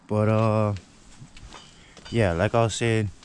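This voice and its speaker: A man doing a casual car vlog, talking excitedly and repeating himself as he shows off his truck. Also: on the low side, takes it slowly. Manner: excited, hyped, repeats phrases. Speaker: car vlogger. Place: in and around a truck outdoors. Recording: outdoor street noise behind.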